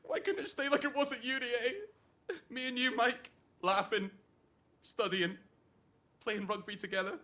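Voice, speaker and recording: A man's voice: sits high, moderate pace, bright, forceful tone. A man playing a jealous, crude best man giving a mocking comic wedding toast. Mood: wistful. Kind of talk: comic stage monologue.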